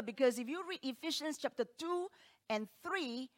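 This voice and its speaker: A woman preaching from the pulpit, her voice set a little higher than most. She delivers emphatic declarations and rhetorical questions, then drops to hushed, quiet asides. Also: animated, moderate pace. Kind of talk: sermon.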